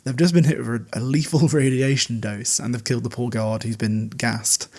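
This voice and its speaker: A man's voice: mid-range voice, fairly even intonation, moderate pace, a little mellow. A man hosting a podcast, chatting casually in a recap, laughing often and swearing freely. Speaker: podcast host.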